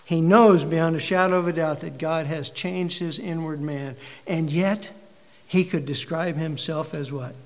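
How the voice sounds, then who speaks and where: A man preaching a sermon with a fairly high voice, pressing his points with rhetorical questions. His words ring out with a long reverb, as if in a large hall. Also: fairly even intonation, a little slow. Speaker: pastor.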